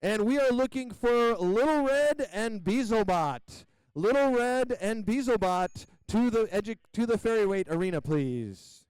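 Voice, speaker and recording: A man announcing a robot combat event, calling competitors to the arena and giving energetic play-by-play with countdowns. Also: high-pitched, a little slow, smooth, no room sound, poor audio. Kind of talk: live event commentary.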